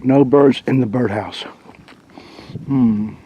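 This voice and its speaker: A man's voice: mid-range voice, takes it slowly, slight background noise. Man, outdoor vlogger, easygoing chat to camera, recorded on a camcorder outdoors. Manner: relaxed, chatty, talks to the camera. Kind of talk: casual solo vlog. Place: outdoors in winter woods by a creek. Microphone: handheld camcorder mic.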